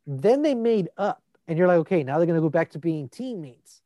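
Casual chatter, lively retelling, swears, dry close sound. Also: mid-range voice, a little fast, no echo. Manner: animated storyteller, swearing. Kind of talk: casual chat about a movie.

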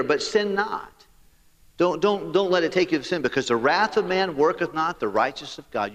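Animated male preacher in a reverberant church. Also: mid-range voice. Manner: animated, rising and falling emphasis, paraphrasing scripture in character. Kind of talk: sermon. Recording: hall reverb.

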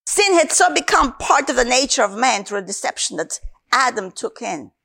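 A woman's voice: on the high side, sing-song, normal speed, creaky, pushed and bright. A woman from Africa, a Christian minister, giving an earnest sermon with her personal testimony and repeating key phrases for emphasis.

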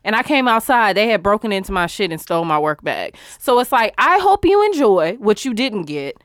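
A woman hosting a casual talk show, telling a story in an animated, exasperated, profane way. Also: mid-range voice, brisk, clear, resonant tone, dry recording, clean studio sound.

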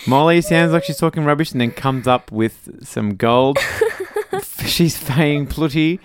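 A man's voice: fairly high pitch, measured pace, a crowd in the background. A middle-aged Australian man co-hosting a casual podcast, joking and reading out listener messages. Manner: jokey, reads out listener messages. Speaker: podcast co-host. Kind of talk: casual chat.

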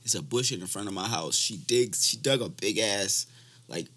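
A man's voice: fairly low pitch, lively intonation, normal speed, a bit bright, slightly rough. Slangy man telling loose stories. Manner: loose slangy storytelling, swears freely. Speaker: podcast host and rapper. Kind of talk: casual chat.

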